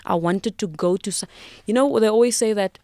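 A woman's voice: medium pitch, brisk, dark tone, no echo, studio quality. A South African woman in her thirties, a podcast guest, tells a personal story with emotion, reflection and frequent restarts.

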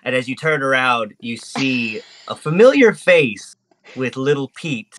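A man's voice: mid-range voice, animated, measured pace, fairly bright tone, slight background noise. A man narrating as game master in a casual, chatty way, laughing along.

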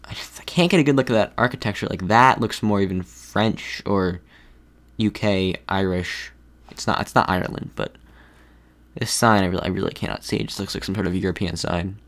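A man's voice: low voice, a little fast, a bit bright. A man giving thinking-aloud commentary while playing a geography game, hesitant and full of restarts. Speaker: gaming video creator.

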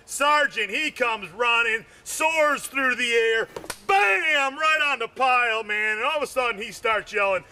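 A man telling loose, rambling stand-up jokes, adding "man" to nearly every line and breaking into shouts on the punchlines. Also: very high voice, unhurried, a little hiss or hum. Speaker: amateur comedian.

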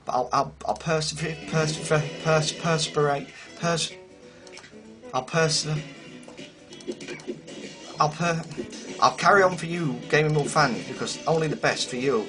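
Man, game commentary, slightly high voice, jokey and rambling, bit hoarse, game music behind. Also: measured pace, long pauses. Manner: rambling, jokey, self-mocking, exclamatory. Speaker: gaming video host.

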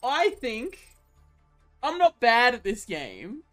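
A young man streaming a game, excitable and laughing often, swearing freely as he plays. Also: very high-pitched, takes it slowly, faint music behind. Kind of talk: live gameplay commentary.

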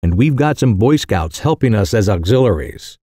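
A man voicing a sly young mischief-maker who delivers outrageous news in a calm, careless, mock-serious way. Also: on the low side, normal speed, no echo, studio quality. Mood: cool, mock-grave.

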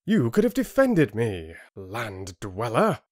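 A man's voice: medium pitch, huge pitch swings, takes it slowly, darkish tone, no echo, clean studio sound, pitched above the performer's own voice, heavily acted. A man voicing an angry, defiant young man who speaks in a bitter, accusing tone in an audiobook.

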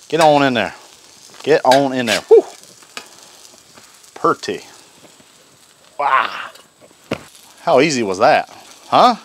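A man's voice: mid-range voice, animated, slow, long pauses, fairly bright tone, a little hiss or hum. A man hosting a casual cooking vlog, folksy and enthusiastic. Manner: folksy and enthusiastic, Southern phrasing. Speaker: cooking channel host. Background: griddle sizzling.

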